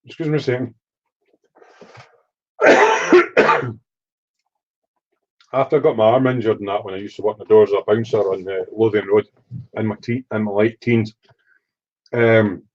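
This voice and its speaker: A man's voice: medium pitch, a little mellow, dull audio. A middle-aged man from Edinburgh with a Scottish accent, chatting casually and reading out chat on a live stream. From Scotland. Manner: swearing, rambling storyteller reading chat aloud.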